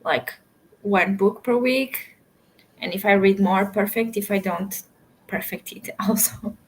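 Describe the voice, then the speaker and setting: A woman co-hosting a reading stream, talking at a slow, relaxed pace. She chats in an easygoing way with frequent giggles. Her pitch is ordinary. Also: low-quality recording. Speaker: co-host. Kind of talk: casual chat.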